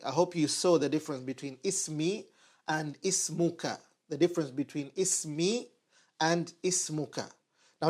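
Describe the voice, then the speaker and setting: A man with a fairly high-pitched voice teaches a lesson at a whiteboard, explaining each phrase as he writes it. He repeats words slowly and patiently, drilling them for the learner. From United Kingdom. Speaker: Arabic teacher.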